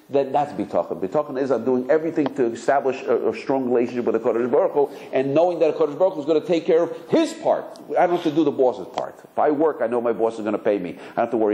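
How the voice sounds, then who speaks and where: Fast-talking, low-voiced rabbi. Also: male voice, mellow, low-quality recording. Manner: mixes Hebrew terms, acts out quoted voices. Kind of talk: Torah lecture.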